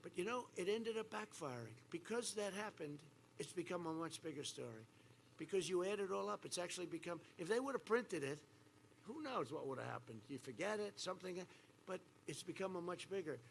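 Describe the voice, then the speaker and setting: A man in his seventies giving a campaign rally speech, boastful and repetitive, swinging from quiet asides to loud attacks. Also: high-pitched, lively intonation, a little fast, creaky. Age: 70s. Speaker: rally speaker. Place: outdoor rally stage. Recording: faint background noise at an outdoor rally.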